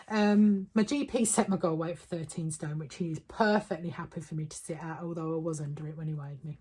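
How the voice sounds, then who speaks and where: A woman's voice: low-pitched, fairly even intonation, brisk, hardly any pauses, warm tone, breathy edge. A woman talking casually to camera as a weight-loss vlogger, chatty and upbeat, with frequent ums. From United Kingdom.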